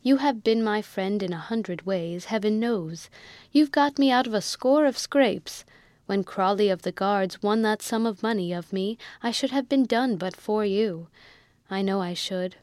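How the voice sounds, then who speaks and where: A woman reads a proud young army officer who flares up fast and shouts in indignation, his lines pitched a little higher and louder than the narration. The recording is close and dry, with no room sound. It is read as an audiobook. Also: no echo, natural voice. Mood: pleading. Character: hot-tempered young male army lieutenant. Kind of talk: audiobook reading.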